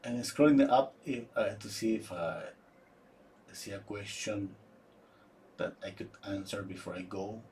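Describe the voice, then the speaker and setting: A man giving a live painting demonstration, thinking aloud in a halting way with frequent restarts. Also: lowish voice, darkish tone, a little hiss or hum. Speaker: painting instructor.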